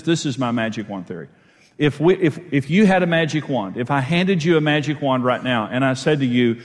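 A man's voice: mid-range voice, in a large hall. A man preaching a sermon as pastor, emphatic and repeating phrases for stress.

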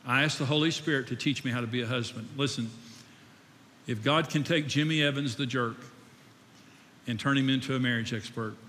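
A man's voice: mid-range voice, a little fast, pauses often, fairly bright tone, a little hiss or hum. An older man preaching a sermon in a conversational way, asking his audience questions and joking about himself. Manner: conversational, asks the audience questions, self-deprecating. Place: church hall. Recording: echoey hall.

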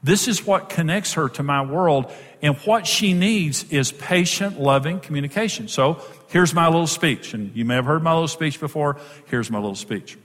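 A middle-aged man teaches couples about marriage with plenty of self-mocking humour, slipping into quick impressions along the way. His voice sits a little high for a man. It rings out with the long reverb of a big hall. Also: a bit bright. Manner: jokey, self-deprecating, acts out quotes. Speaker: marriage speaker. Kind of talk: humorous teaching talk to couples.

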